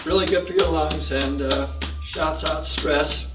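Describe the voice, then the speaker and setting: High-voiced man leading an exercise class. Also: a little slow, loud music behind the voice. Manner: calm, encouraging, counts out moves. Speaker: fitness instructor. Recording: echoey room, mic far off.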